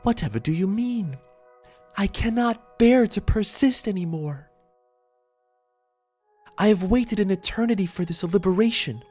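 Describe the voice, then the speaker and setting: A man's voice: sits high, lively intonation, a little slow, pauses often, a little mellow, soft background music, pitched above the performer's own voice. A man voicing a weary, furious ghost trapped in time, speaking in a theatrical, anguished way.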